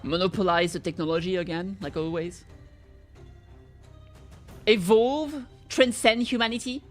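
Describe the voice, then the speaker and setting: A woman streamer chatting playfully over gameplay, making silly noises and swearing in excited bursts. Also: fairly low pitch, unhurried, soft background music. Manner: playful, silly mouth noises and sing-song bits; swears freely in excited outbursts. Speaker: streamer playing a game. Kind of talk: casual gameplay commentary.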